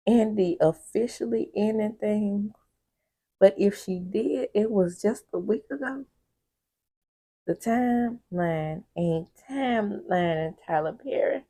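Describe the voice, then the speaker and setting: Slow, gravelly-voiced woman recapping a show. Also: mid-range voice, darkish tone, dry recording, studio quality. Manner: chatty, candid, laughing asides. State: sleepy. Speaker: TV recap vlogger. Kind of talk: casual episode recap.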